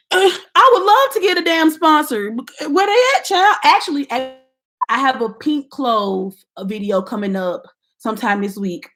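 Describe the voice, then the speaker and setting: Brief: young Southern American woman, chatty livestream host, playful and lively, rising and falling pitch. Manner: animated, playful, Southern-tinged slang, talks to viewers directly. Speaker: YouTuber doing a livestream. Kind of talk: casual livestream chat reading comments. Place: at home at her computer.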